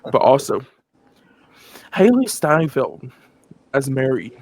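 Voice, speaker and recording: A man's voice: mid-range voice, slow pace, husky, no room sound. A man co-hosting a podcast, casually reviewing a film and acting out its scenes with laughter. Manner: animated retelling, acts out scenes with laughs. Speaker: podcast co-host. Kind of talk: casual movie review chat.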